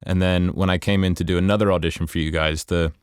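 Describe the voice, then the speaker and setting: A man's voice: sits low, fairly even intonation, fast, smooth, no echo. A man raised in the USA and Ireland, a voice actor talking casually in an interview, chatty with lots of fillers. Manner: chatty, many fillers, laughs easily. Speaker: voice actor guest.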